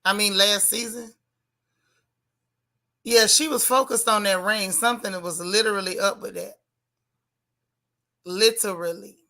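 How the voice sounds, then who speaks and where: A woman's voice: medium pitch, steady tone, a little slow, long pauses, bright, forceful tone. A woman hosting a casual live chat, blunt and sassy, reading viewer comments aloud. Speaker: livestream host.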